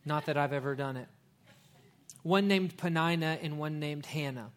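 Folksy joking pastor, somewhat high voice. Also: male voice, normal speed. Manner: folksy, joking asides, animated storytelling. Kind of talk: sermon.

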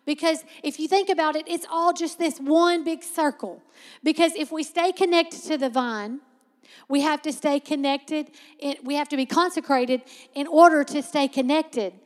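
A woman preaching a sermon as a Bible teacher, conversational but emphatic and slowing sharply to stress key words. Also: high-pitched, big-room sound.

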